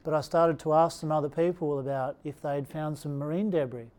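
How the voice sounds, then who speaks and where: A middle-aged Australian man tells a personal story in an easygoing, anecdotal way, his voice slightly raised, higher-pitched and darkish, fairly quick with fairly even intonation. He slips into the voices of the people he quotes.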